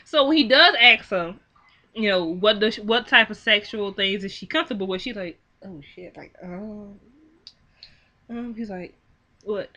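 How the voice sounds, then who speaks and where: A young woman giving a casual film recap, animated and exclaiming, acting out the characters' lines in quick quoted bits. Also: medium pitch. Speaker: film reviewer. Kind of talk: casual movie recap and commentary.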